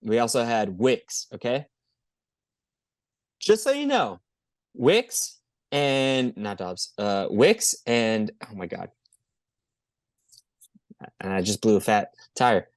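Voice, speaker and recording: Excitable, profane sports podcaster. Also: male voice, fairly low pitch, slow, pauses often, no room sound, clean studio sound. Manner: excitable, profane, rambling storyteller. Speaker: podcast co-host. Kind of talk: casual sports chat.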